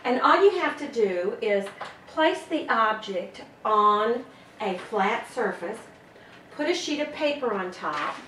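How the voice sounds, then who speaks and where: Woman host for a parenting segment, slow and gentle, sharp bright tone, echoey room with a distant mic. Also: a little high, lively intonation, slight background noise. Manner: slow, gentle, encouraging explaining. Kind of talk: instructional talk to parents.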